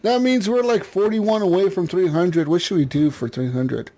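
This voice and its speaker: A man with a notably high speaking voice hosts a casual gaming podcast. He jokes around, laughs often and swears freely, keeping the chat loose. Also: moderate pace, warm tone, slight background noise. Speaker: podcast host.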